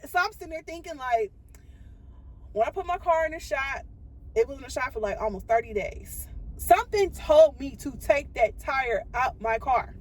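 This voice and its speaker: A woman with a fairly high voice vlogs from her car in city traffic. She rambles through her story with fillers and restarts. Steady road and engine noise runs under her phone recording. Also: moderate pace, low-quality recording. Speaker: vlogger and single mother. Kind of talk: casual storytelling vlog.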